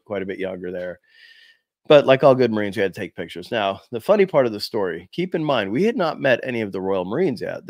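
A man in his fifties from the United States, a former Marine, casually telling animated stories to camera with lots of "you know". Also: lowish voice, dry recording. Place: small room before a green screen.

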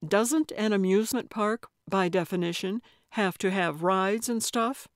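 A woman's voice: medium pitch, a little slow, dry recording, clean studio sound, lightly acted. A woman voicing a wry old lady sleuth. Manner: wry, cackling. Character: eccentric older female sleuth.

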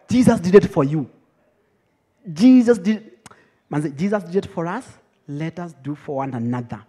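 A young Kenyan man preaching a teaching sermon, lively and teasing, laughing often with his congregation. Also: a little high, fairly quick, long pauses. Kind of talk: teaching sermon, mixing English and Swahili.

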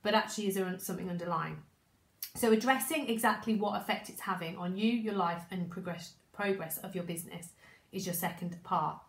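A woman coaching in a casual spoken training talk. She chats, repeats herself, restarts sentences and acts out inner thoughts, and her voice is croaky. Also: fairly low pitch, brisk, roomy sound, low-quality recording.

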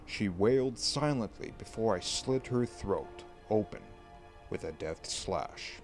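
A man reading a creepy horror story aloud in a slow, hushed, deliberate way. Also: on the low side, lively intonation. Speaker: creepypasta narrator. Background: faint background music.

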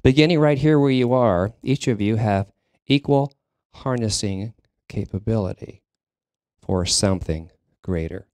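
A man delivering a sermon to his congregation in a slow, unhurried cadence, often pausing and restarting mid-sentence. His voice is low and mellow, recorded close and dry with little room sound. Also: lively intonation, dry recording. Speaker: minister. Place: church sanctuary.

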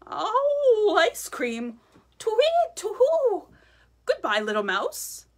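A woman voicing an excitable owl with a high, fluttery, hooting manner. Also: extremely slow, heavily acted.

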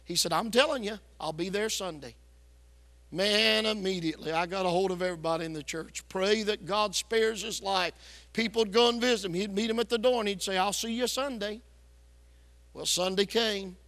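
A man preaching a revival sermon, telling a story loudly and with hard-driving force. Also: high voice, moderate pace. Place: church sanctuary. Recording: echoey church hall.

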